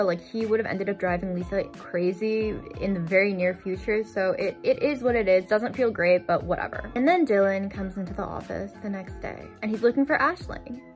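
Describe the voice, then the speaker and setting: A woman giving a casual, chatty storytime recap of a novel, filling her talk with "like". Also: medium pitch. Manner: chatty, fills with "like". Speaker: book vlogger. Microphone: desk microphone.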